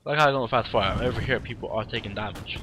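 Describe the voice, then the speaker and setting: A man giving tired, rambling commentary over a strategy game replay. He talks bluntly and swears casually, at a middling pitch. Faint music runs underneath. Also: fast, sharp tone. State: tired, yawning.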